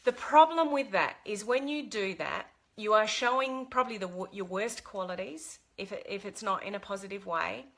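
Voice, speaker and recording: A woman's voice: mid-range voice, normal speed, gravelly, hardly any pauses, fairly bright tone. A middle-aged woman talking to camera, giving earnest life advice with fillers and restarts. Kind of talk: casual talk to camera.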